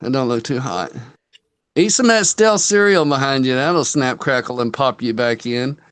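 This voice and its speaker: A man's voice: mid-range voice, normal speed, a bit bright, clear, resonant tone, no echo. A man co-hosting a casual online talk show, teasing and joking with his guest. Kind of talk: casual chat. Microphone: webcam microphone, off camera.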